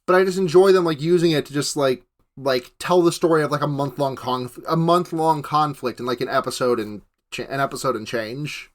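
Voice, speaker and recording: Man, casual podcast chat, slightly high voice, rambling, laughs often. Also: fairly quick. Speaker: podcast co-host. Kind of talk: casual anime recap chat.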